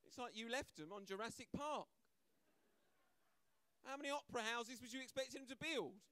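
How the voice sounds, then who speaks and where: A man's voice: extremely high pitch, moderate pace, bright, forceful tone, clean tone, no echo. A man performing a stand-up comedy set, brash and conversational, acting out voices and often asking "right?". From Britain. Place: comedy club stage, live audience.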